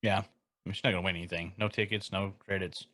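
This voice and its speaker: A man's voice: low voice, fairly even intonation, fast talker, fairly bright tone. A man co-hosting a casual podcast, dropping dry joking asides. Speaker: podcast co-host. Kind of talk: casual chat.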